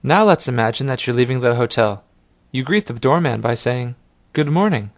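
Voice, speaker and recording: A man guiding a language lesson in a calm, scripted instructional manner. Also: mid-range voice, moderate pace, dry recording. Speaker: language teacher.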